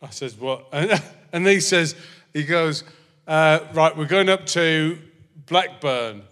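Slow rambling man on a theatre stage. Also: on the high side, fairly bright tone, smooth. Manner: meandering, loses his thread. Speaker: guest. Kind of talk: rambling anecdotal storytelling. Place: theatre stage before a live audience. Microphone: handheld microphone. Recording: reverberant theatre hall.

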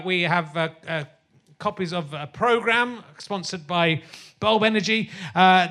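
A man's voice: high voice, sharp tone. A middle-aged man hosting a comedy podcast live on a theatre stage, rambling and sardonic with crude asides and lots of fillers. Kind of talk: live stand-up style podcast chat.

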